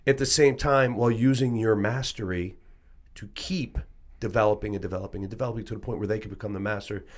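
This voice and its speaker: Low-voiced man, earnest and emphatic. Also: steady tone, fast talker. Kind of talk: casual podcast chat.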